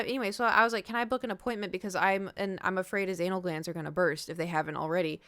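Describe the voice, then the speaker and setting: A woman's voice: lowish voice, fairly even intonation, rapid-fire, hardly any pauses, a bit bright, no room sound. A young woman streaming, telling a long story in casual chat, acting out what people said and swearing now and then. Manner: rambling storytelling, acts out quoted dialogue, swears.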